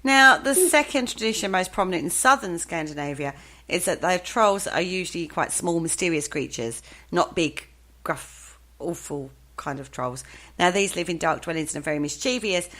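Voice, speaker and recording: Lively woman co-hosting a podcast. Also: lowish voice, normal speed. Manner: playful, teasing, laughs at her own stumbles. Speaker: podcast co-host. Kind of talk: casual chat about folklore.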